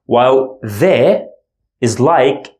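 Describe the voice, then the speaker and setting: A man teaching the alphabet in a language lesson, slowly demonstrating throaty letter sounds. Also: mid-range voice, lively intonation, darkish tone, echoey room. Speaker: Arabic teacher.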